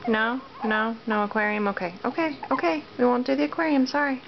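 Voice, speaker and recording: A woman talking softly to her baby in sing-song questions, recorded on a home video. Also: on the high side, a little fast, creaky. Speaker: mother. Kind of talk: baby talk to her infant. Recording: muffled home video with faint hiss.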